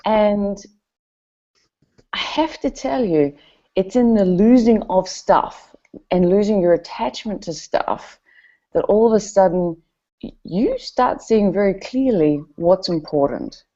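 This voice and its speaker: Mellow-voiced New woman telling stories. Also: mid-range voice, slow. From New Zealand. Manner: animated, expressive, chatty with fillers. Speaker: event speaker. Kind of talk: personal storytelling talk. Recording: dull lo-fi recording.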